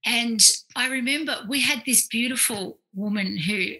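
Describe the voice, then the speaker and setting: An Australian woman in her forties, a clinical psychologist, appears as a podcast guest sharing anecdotes. Her voice is on the high side and her pace normal, and she brings quoted voices to life as an animated storyteller. The recording quality is low.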